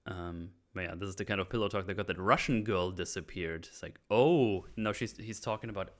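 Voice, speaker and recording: Deep-voiced and brisk, a man chats on a podcast as he recaps a film scene after scene. The telling is loose and rambling, full of fillers and false starts, with a joking, self-mocking streak.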